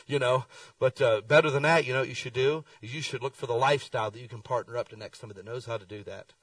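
A middle-aged man preaching a sermon, telling folksy stories with lively swings in his voice. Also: medium pitch, very fast, no room sound, distant mic, low-quality recording. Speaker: pastor. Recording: dry sound, speaker away from the mic.

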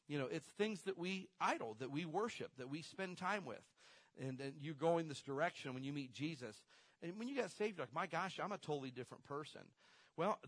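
A man preaching a conversational sermon as a pastor, swinging between loud emphatic bursts and quiet storytelling asides. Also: medium pitch, no echo.

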